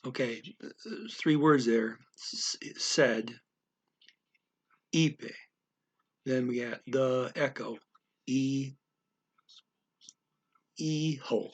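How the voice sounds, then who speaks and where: A man thinking aloud as he explains a language lesson, halting often with fillers and restarts. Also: medium pitch, creaky, a bit bright. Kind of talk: casual spoken language lesson.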